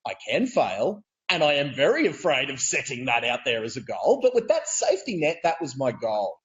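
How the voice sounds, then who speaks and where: A man with an Australian accent, a real estate coach telling stories as a guest on a video call, energetic and laughing as he goes. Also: mid-range voice, normal speed, highs cut off. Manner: energetic, laughing, repeats words. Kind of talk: animated storytelling.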